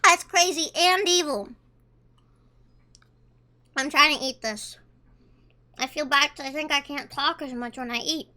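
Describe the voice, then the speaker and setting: A woman's voice: high-pitched, steady tone, moderate pace, pushed and bright. A woman streamer chatting casually with her chat, reading messages aloud and talking while she eats. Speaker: livestreamer.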